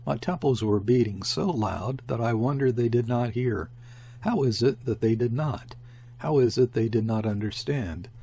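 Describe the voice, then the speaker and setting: Gravelly-voiced man reading an audiobook. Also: mid-range voice, dark tone. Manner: measured storytelling. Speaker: audiobook narrator. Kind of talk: scripted narration.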